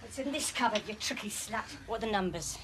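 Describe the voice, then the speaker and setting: A woman's voice: medium pitch, expressive, quick pace, heavy background noise, natural voice. An actress playing a foul-mouthed female robber who snarls insults, in an old TV crime reconstruction. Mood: snarling.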